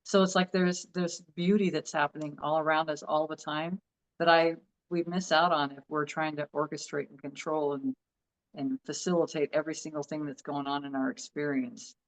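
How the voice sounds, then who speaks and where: A woman's voice: low-pitched, fairly even intonation, moderate pace, rough recording. Thoughtful woman musing aloud. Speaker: podcast co-host. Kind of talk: casual reflective conversation.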